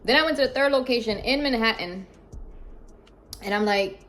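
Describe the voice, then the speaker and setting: A woman's voice: a little high, normal speed, long pauses. Chatty woman vlogging on moving day. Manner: animated, chatty, addresses viewers as y'all. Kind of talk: casual vlog storytelling. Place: apartment during a move. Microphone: phone camera propped up.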